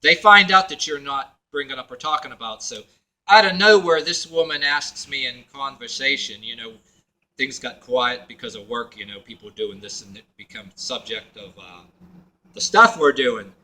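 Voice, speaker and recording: A man's voice: mid-range voice, moderate pace, bright, forceful tone, rough recording. A man telling a personal story to camera in a meandering way, full of fillers and restarts, acting out what others said. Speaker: video blogger.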